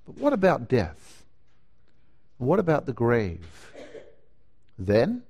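A man preaching a sermon, slow and emphatic, rising to loud declarations and dropping to hushed lines. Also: medium pitch, huge pitch swings, breathy edge. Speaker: pastor.

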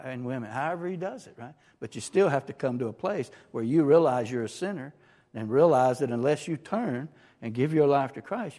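A man's voice: mid-range voice, dark tone. A man preaching a sermon and sharing his own testimony. He speaks emphatically and keeps checking in with "right?" and "amen?". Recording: long reverb from a large hall.

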